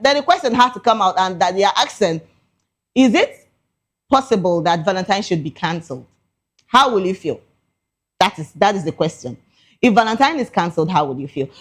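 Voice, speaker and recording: A young Nigerian woman hosting a talk show, playful and chatty, laughing often and slipping into Pidgin. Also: medium pitch. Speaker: show host.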